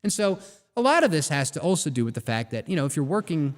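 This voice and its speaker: A man hosting a live talk show, delivering an animated, ranting monologue full of rhetorical questions. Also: a little high, fast, in a large hall. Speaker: host.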